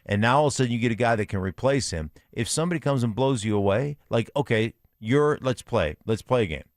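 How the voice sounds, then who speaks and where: Guy riffing on sports radio, goofy and rambling, middle pitch, dry studio sound. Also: expressive, fast, dry recording. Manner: rambling, playful, thinks aloud in restarts. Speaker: co-host.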